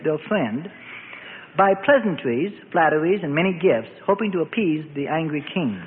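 A man reading a biblical story aloud as dramatic scripted narration. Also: sits high. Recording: phone-like band with long reverb and faint noise.

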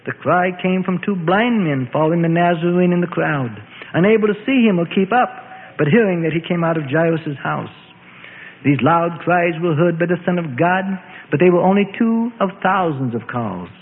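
A man reading a scripture story aloud in an expressive, dramatic storytelling way. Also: fairly high pitch, moderate pace, a little hiss or hum. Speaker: narrator. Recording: tinny, echoey lo-fi radio audio.

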